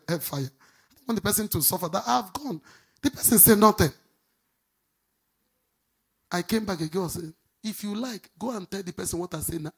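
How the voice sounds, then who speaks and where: A middle-aged woman pastor preaching a sermon, swinging from loud outbursts to quiet asides. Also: vocal fry, slightly rough. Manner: animated preaching, swinging between shouts and low asides.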